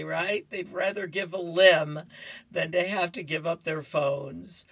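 A woman radio reader with a low, husky voice who walks slowly through the comics page. She chats between panels in a close, dry sound. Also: steady tone, no echo. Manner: chatty, laughing asides between panels. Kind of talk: reading newspaper comics on the radio.

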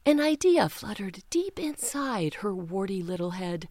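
A woman reading children's picture books aloud, slow and expressive, giving the characters their own voices. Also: medium pitch, no echo. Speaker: children's storytime reader.

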